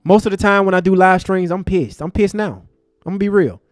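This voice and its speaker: A man hosting a live stream, angry and passionate, cursing in street slang, with loud bursts and low mutters. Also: a little fast, no room sound, faint music behind. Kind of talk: heated live stream commentary.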